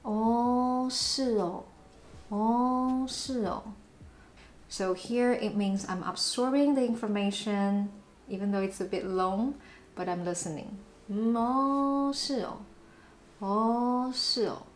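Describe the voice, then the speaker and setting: A woman with a Taiwanese accent teaches phrases in a lesson, her voice sitting a little high and moving at an unhurried pace. She repeats each example with playful, exaggerated intonation. The room gives her voice a noticeable echo, with a faint hiss behind it. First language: Mandarin. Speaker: language teacher. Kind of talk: language lesson. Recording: roomy echo.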